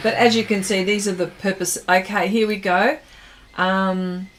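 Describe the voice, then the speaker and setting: A woman's voice: medium pitch, fairly even intonation, a little slow, background noise. A woman hosting an art livestream, chatting casually while she paints and reading viewers' comments aloud, often trailing off mid-sentence.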